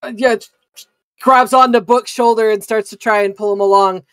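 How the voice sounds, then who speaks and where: A man running a tabletop game as game master, narrating the action in a halting way with many fillers and restarts. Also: high voice, fairly even intonation, a bit bright, clear, resonant tone, no room sound, studio quality.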